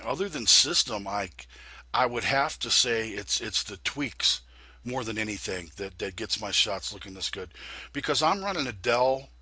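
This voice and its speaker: A congested man talks through a computer tutorial in a loose, folksy ramble, often restarting his sentences. His voice is husky and bright, with a hoarse edge. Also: mid-range voice, no room sound. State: congested from a sinus infection. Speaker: flight sim video host. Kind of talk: casual tutorial talk.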